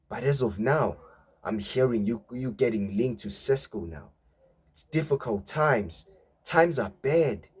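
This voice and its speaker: A man's voice: mid-range voice, a little mellow, breathy edge. A young man, a football fan vlogger giving a mocking, swearing rant and tagging his lines with "yeah?". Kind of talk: ranting fan reaction.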